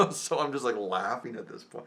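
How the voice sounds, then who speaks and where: A man's voice: medium pitch, fairly quick, gravelly, fairly bright tone. A young man rambling through a personal story as a casual vlogger, often chuckling and cutting himself off. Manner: rambling, chuckling, self-interrupting.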